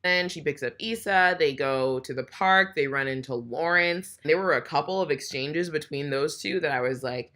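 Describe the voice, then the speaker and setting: A woman's voice: sits low, moderate pace, hardly any pauses, fairly bright tone. A young woman chatting through a TV episode recap, candid and full of "like", swearing freely and acting out what the characters say. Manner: chatty and candid, frequent swearing and "like", acts out quotes. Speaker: TV recap vlogger.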